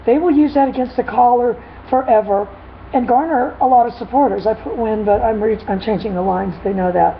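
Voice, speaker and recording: A woman dog trainer chatting casually in a vlog, retelling a dispute in an animated, rambling way with frequent laughs. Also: a little high, brisk, creaky. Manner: animated storytelling, laughs often. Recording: dull lo-fi with faint noise.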